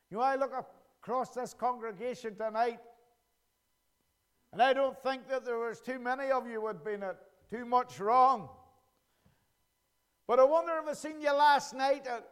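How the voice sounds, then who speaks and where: A man preaching a sermon as pastor, earnestly repeating his questions slowly for emphasis. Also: very high-pitched, clear, resonant tone.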